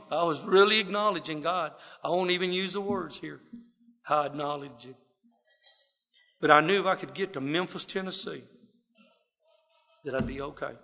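A man's voice: on the high side, bright, forceful tone. A man giving a heartfelt, folksy personal testimony to a gathering. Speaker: speaker sharing recovery story. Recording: long reverb of a hall.

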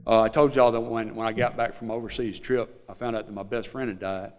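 A man's voice: medium pitch, steady tone. Rambling Southern man in a reverberant hall. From Mississippi Delta, USA. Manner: rambling, halting, with many fillers and restarts. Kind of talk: personal recovery story told to a group.

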